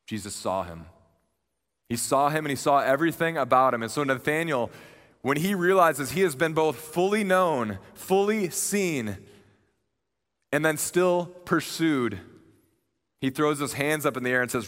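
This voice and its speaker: A man's voice: on the high side, expressive, a little slow, a bit bright. A young man preaching a sermon in a conversational, earnest way, retelling a story with animation. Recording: long reverb of a large hall.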